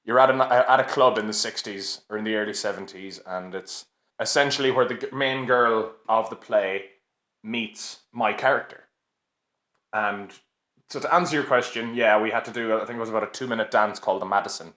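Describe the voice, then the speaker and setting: Laughing Irish man, low voice. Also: fairly quick, pushed and bright. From Ireland. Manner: chatty and self-deprecating, laughs often. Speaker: podcast guest. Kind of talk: casual storytelling. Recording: roomy, slightly dull recording.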